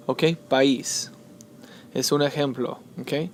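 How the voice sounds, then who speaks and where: A man teaching Spanish spelling and stress, switching between English and Spanish and repeating words slowly. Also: on the high side, slight background noise. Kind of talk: classroom explanation of Spanish spelling.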